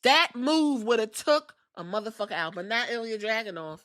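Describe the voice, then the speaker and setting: A woman's voice: fairly high pitch, animated, normal speed, fairly bright tone. A woman hosting a podcast, giving a casual wrestling recap in a blunt, profane, sassy way. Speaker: podcast host.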